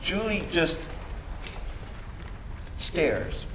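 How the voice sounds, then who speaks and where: Man narrating a musical live, slow and dramatic, roomy hall, bit of hiss. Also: high-pitched, very animated, far from the mic. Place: concert hall. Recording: roomy hall with faint noise.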